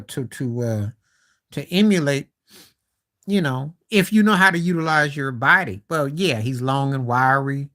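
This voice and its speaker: A man's voice: mid-range voice, a little slow, sharp tone. A man hosting a live stream, talking basketball in a loose conversational way, trailing off and restarting, with incredulous asides. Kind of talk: casual basketball talk.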